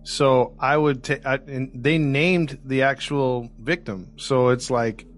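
A man's voice: medium pitch, fairly even intonation, takes it slowly, soft background music. A man co-hosting a podcast who talks casually and hesitantly, correcting himself as he goes. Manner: hesitant, self-correcting, laughs easily. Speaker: podcast co-host.

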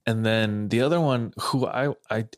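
Low-voiced, laid-back podcast guy. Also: moderate pace, no echo, clean studio sound. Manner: laid-back, hesitant, laughs often. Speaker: podcast co-host. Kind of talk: casual chat.

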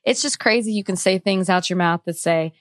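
A woman's voice: medium pitch, fairly quick, no echo, studio quality. A woman co-hosting a podcast, talking casually and with exasperation about politics, repeating herself as she goes. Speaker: podcast co-host.

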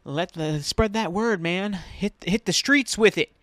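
An American man hosting his own solo podcast, rambling excitedly and swearing freely as he chats. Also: high voice, measured pace, no room sound. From United States. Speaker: podcast host. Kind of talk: casual solo podcast chat.

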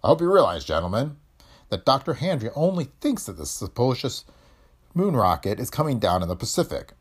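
A man's voice: medium pitch, sing-song, brisk, slightly rough, pitched above the performer's own voice. A man playing a haughty, commanding sea captain. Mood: condescending. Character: commanding middle-aged male ship captain.

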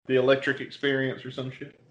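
A man's voice: medium pitch, monotone, a little fast, highs cut off, a little hiss or hum. A man co-hosting a casual comedy podcast, joking and swearing freely. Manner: profane, joking, slips into a put-on Boston voice for stories. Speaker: podcast co-host.

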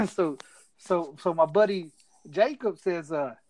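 A man's voice: high voice, takes it slowly, darkish tone, slight background noise, poor audio. A man casually telling a rowdy story to friends, laughing often and acting out what others said. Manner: laughs through his story, acts out friends' lines.

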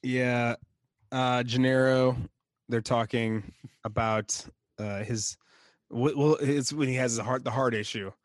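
A man's voice: mid-range voice, steady tone, slow, no echo. A man co-hosting a podcast, chatting casually and chuckling often as he recalls scenes. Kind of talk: casual chat.

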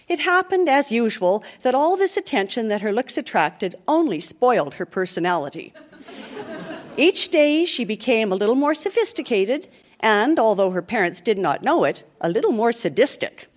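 Woman, storyteller, reading a comic tale aloud, high voice, very lively pitch, playful. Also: moderate pace.

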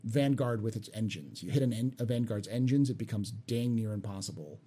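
A man's voice: fairly low pitch, brisk, dark tone, slightly rough. A man co-hosting a gaming podcast, talking casually and rambling with frequent restarts. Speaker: podcast co-host.

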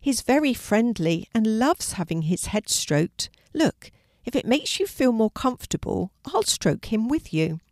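A woman voicing a kind, confident young girl in a storybook reading, gentle and reassuring. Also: a little high, very animated, measured pace, no echo, clean studio sound, pitched above the performer's own voice.

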